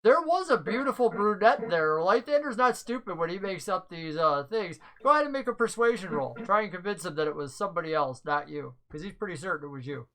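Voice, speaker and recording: A woman's voice: lowish voice, lively intonation, fairly quick, few pauses, fairly bright tone. A woman narrating a tabletop game as game master, chatty and loose with fillers. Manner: chatty, filler-heavy description.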